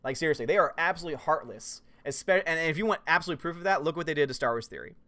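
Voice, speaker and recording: A man hosting a livestream, reading chat messages and answering in a casual, animated way with loud jokey outbursts. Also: on the high side, racing, no room sound. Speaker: YouTube channel host reading live chat.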